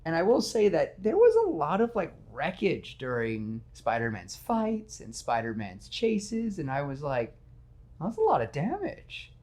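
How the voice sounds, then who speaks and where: A man hosting a casual podcast, talking in an animated, self-deprecating way and slipping into quick character voices. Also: on the high side. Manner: self-deprecating, admits nervousness. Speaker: podcast host. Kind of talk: casual podcast chat retelling a film.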